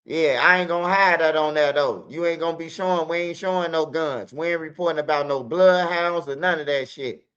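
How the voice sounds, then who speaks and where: A man hosting a news commentary stream, telling street stories in a loose, animated way. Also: a little high, a little fast, hardly any pauses, smooth. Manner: animated, acts out fight sounds and quotes. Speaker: commentary channel host. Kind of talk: casual storytelling commentary. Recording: dull lo-fi audio.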